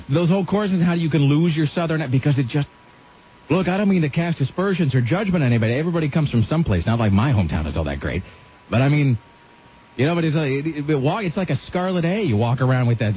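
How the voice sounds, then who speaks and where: A man's voice: medium pitch, slight background noise. A man hosting a radio show, telling rambling stories with lots of asides in casual on-air banter. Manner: rambling, animated storytelling with asides. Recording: dull lo-fi radio sound.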